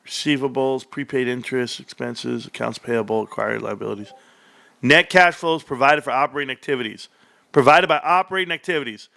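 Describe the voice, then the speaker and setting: A male livestream host reacting excitedly to an earnings report, reading figures aloud and bursting into shouts. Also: mid-range voice, a little fast, gravelly, no echo. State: out of breath.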